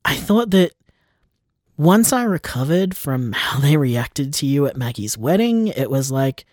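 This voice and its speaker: A man's voice: fairly high pitch, sing-song, unhurried, darkish tone, no room sound, clean studio sound. A man playing a hurt, shaky young man. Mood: hurt, upset. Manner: shaky, self-doubting, trails off into whispers. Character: hurt young man, shaken by his parents. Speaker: estranged son confiding in his partner. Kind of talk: audio drama acting.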